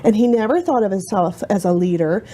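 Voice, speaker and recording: A woman guest on a talk show, telling personal stories in an animated, easygoing way. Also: medium pitch, a little fast. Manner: animated storyteller, laughs easily. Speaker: guest author and speaker. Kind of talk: casual interview chat.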